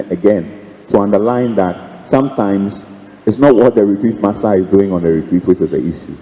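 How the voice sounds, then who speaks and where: Priest giving a retreat talk, jokey storyteller, big reverby hall. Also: male voice, lowish voice, moderate pace. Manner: storytelling with humor, acting out dialogues, chuckles. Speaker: priest preaching a retreat conference. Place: seminary hall. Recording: echoey hall, dull lo-fi sound.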